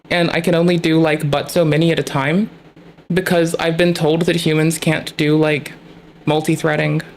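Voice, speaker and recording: A woman's voice: deep voice, darkish tone, slight background noise. A woman streamer in casual livestream chat, ranting with heavy, constant swearing.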